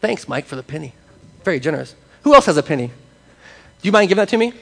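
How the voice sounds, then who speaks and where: A man preaching a sermon, lively and conversational, talking with his congregation. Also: on the high side, quick pace, gravelly, in a large hall. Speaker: pastor. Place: church sanctuary with congregation.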